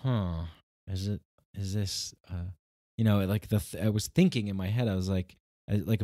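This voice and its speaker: Rambling man telling a story, low voice. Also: mellow, no echo, clean studio sound. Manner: rambling, many restarts and "like", acts out quoted lines. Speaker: podcast host. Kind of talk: casual storytelling monologue.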